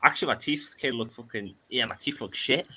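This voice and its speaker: A man's voice: mid-range voice, a little fast, noisy background. A man chatting casually and playfully with friends on a video call, clowning around and swearing.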